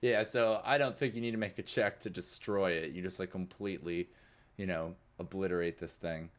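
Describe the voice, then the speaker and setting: A man's voice: low-pitched, steady tone, a little fast. A young man narrating as game master, rambling with lots of fillers. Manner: rambling, many fillers like "like" and "you know".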